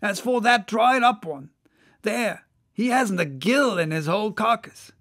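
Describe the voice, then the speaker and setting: A loud, teasing sailor of the old whaling days, as an audiobook reader puts him on, hailing other ships at the top of his lungs and mocking anyone in reach. The voice sits high and carries a gravelly edge. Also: expressive, unhurried, exaggerated voice. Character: boisterous joking male whaling mate. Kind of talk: audiobook character voice.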